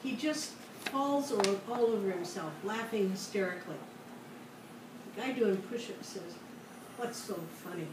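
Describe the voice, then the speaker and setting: A woman reading jokes from a script at a deliberate pace on a show. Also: medium pitch, expressive. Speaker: joke-telling co-host. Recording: distant, echoey room with clear noise.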